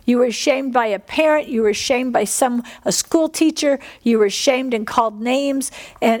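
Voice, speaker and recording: Her voice high-pitched and a little mellow, a woman preaches and prays with fervor before a church congregation. Phrases recur throughout this sermon with prayer, and she exhales between lines.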